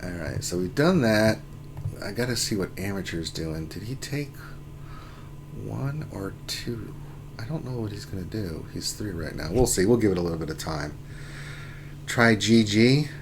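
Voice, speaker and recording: A man hosting a casual gaming livestream, talking through his game, with loud exclamations and laughter. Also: fairly low pitch, animated, moderate pace, gravelly, a little hiss or hum. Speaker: livestream host.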